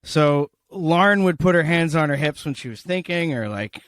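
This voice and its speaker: A man's voice: fairly high pitch, lively intonation, normal speed, a bit bright. A man co-hosting a casual comedy podcast, rambling and joking with a slight lisp and plenty of swearing. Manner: rambling, jokey, swears freely. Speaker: podcast co-host.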